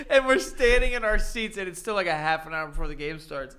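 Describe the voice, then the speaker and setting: A man's voice: high voice, fairly quick, clean tone. A man co-hosting a podcast, telling stories through laughter. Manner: laughing storyteller, animated. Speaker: podcast co-host. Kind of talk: casual chat.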